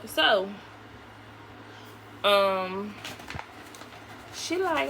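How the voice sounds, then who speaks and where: A young woman, telling a casual, profane story in an animated way while doing her makeup at home. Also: mid-range voice, very slow, long pauses. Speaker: vlogger. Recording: noisy home recording.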